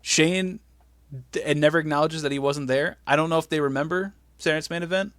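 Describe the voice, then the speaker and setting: A man co-hosting a casual chat show, animated and acting out quotes in playful voices. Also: on the high side, brisk, smooth, no room sound. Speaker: podcast co-host recapping wrestling.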